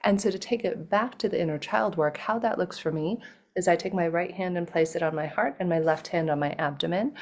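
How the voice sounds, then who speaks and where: Woman, interview guest, gravelly fry, lowish voice, video call, calm guided breathing. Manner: slows into soft guided breathing instructions; animated, laughing storytelling. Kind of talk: casual interview talk. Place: home, in Toronto.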